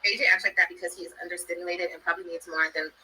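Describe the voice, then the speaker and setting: A woman's voice: on the low side, fairly even intonation, rapid-fire, bright, forceful tone. A woman livestreaming outdoors, talking in a defiant, profane way, heard from a distance on a phone mic with faint noise behind her. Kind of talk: livestream talk.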